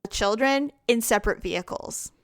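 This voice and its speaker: A woman's voice: fairly high pitch, moderate pace, no echo. A middle-aged woman co-hosting a podcast, chatting casually and acting out quotes with a raised voice. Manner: animated storyteller, acts out quotes in raised voice. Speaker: podcast co-host. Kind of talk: casual chat.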